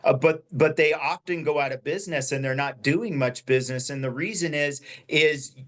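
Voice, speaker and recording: A man's voice: on the high side, moderate pace. A man in his forties, a company founder, explaining earnestly in a podcast interview with frequent fillers and restarts. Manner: earnest, many fillers and repeated words. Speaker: guest, real estate company founder.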